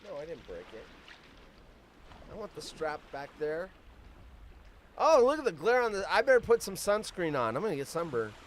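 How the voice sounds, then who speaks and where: Lively foul-mouthed man in his fifties. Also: fairly high pitch, a little hiss or hum. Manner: profane, rambling, quick tangents. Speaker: host. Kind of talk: casual live-stream chat. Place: outdoors on vacation.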